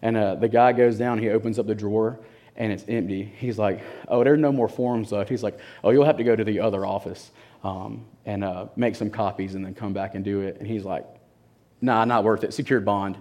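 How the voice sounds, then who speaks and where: A young man in his twenties preaching from a pulpit, telling a personal story with laughs and lively quoted voices. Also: lowish voice, brisk. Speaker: church speaker giving testimony. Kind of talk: sermon storytelling.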